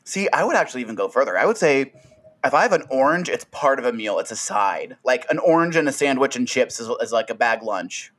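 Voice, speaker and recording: A man's voice: mid-range voice, animated, brisk, a bit bright. A man co-hosting a casual podcast, joking and giggly. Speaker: podcast co-host.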